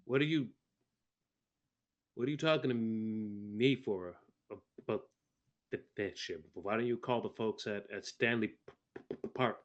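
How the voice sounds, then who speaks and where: A man voicing a gruff old man who stutters heavily and talks bluntly with curses. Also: fairly low pitch, unhurried, pauses often, muffled recording, close to an everyday voice. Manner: heavy stutter, blunt and profane.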